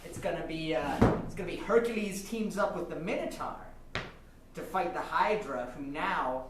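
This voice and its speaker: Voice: mid-range voice, lively intonation, normal speed, noisy background. An improv comedy performer on a theater stage, playing interviewer with giggly, playful delivery. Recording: echoey theater, far from mic.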